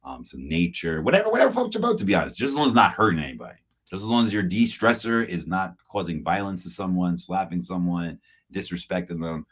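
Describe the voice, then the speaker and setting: A man's voice: deep voice, big pitch swings, quick pace, a bit bright, husky. A man hosting a podcast, chatting casually and telling stories, acting out the voices of people he quotes and laughing often. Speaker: podcast host.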